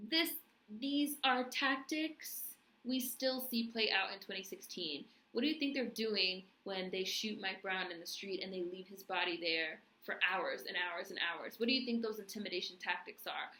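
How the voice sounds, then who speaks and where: A woman's voice: medium pitch, bright, forceful tone, echoey room, low-quality recording. A woman giving a casual spoken TV review, emphatic and full of "right?" asides. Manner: emphatic, frequent "right?" and "like" fillers. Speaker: TV recap vlogger.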